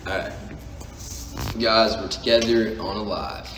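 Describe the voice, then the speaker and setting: A man's voice: lowish voice, steady tone, measured pace. A young man joking and teasing his way through a casual live-stream chat from a bedroom. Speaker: social media creator. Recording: roomy echo, distant mic, music behind.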